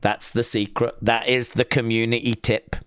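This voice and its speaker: A man's voice: medium pitch, flat delivery, moderate pace, fairly bright tone, smooth, no echo, clean studio sound. An English man hosting a live stream, reading viewer comments aloud and bantering with them in a playful, teasing way.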